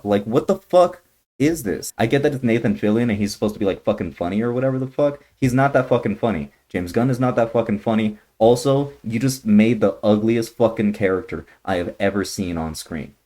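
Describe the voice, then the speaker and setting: A young man ranting through a trailer reaction, blunt and heavily profane, swinging from grumbling to shouting outrage. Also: fairly low pitch, brisk. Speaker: YouTuber reacting to a movie trailer.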